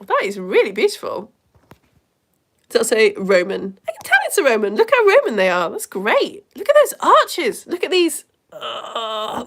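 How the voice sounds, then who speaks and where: A woman from the UK hosting a live online lesson, chatting casually with viewers in a self-mocking, giggly, rambling way. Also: fairly high pitch. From United Kingdom.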